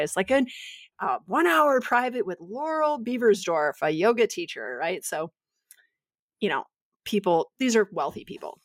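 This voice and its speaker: A woman co-hosting a podcast, telling a story in a casual, animated way and acting out the quotes. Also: on the low side, no echo, studio quality. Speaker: podcast co-host, yoga teacher.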